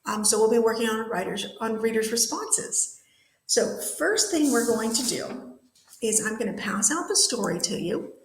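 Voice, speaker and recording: A woman teacher giving a classroom vocabulary lesson, saying new words slowly and with careful enunciation. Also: on the high side, animated, slight background noise. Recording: echoey classroom.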